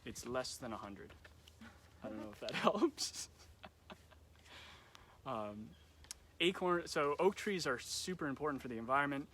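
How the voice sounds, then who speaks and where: A man's voice: medium pitch, expressive, a little slow, long pauses, a bit bright, a little hiss or hum. A young man running casual nature trivia for kids on a live stream, chatty and loose, with lots of ums. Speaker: nature center camp educator. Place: nature center. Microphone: phone or camera on a live stream.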